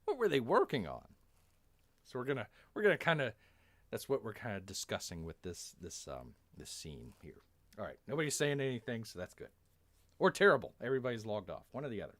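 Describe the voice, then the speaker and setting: A man reading a war story live to viewers, rambling and filling gaps with ums. His voice swings in pitch with animation. The sound is dry and close. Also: wildly swooping pitch, fairly quick, a bit bright, no room sound. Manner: rambling, many fillers, talks of himself as Bear. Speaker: storyteller and streamer. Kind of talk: casual live-stream storytelling.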